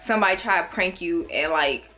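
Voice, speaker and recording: A woman's voice: lowish voice, brisk, pushed and bright, soft background music. An eighteen-year-old woman with a Washington DC area accent, explaining slang in a casual vlog, chatty and emphatic, leaning on "like" and local slang. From DC, Maryland and Virginia area. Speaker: vlogger.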